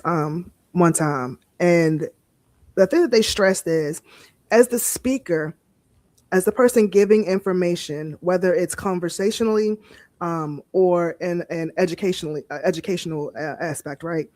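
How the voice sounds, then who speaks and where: A woman's voice: fairly low pitch, normal speed, darkish tone, no echo. A woman in a casual group talk, thoughtfully explaining what she learned in a class.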